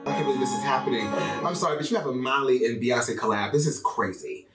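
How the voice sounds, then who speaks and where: A man hosting an album reaction, talking to viewers in an animated, exclaiming way over the music. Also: mid-range voice, fast talker. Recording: roomy, slightly distant mic with music.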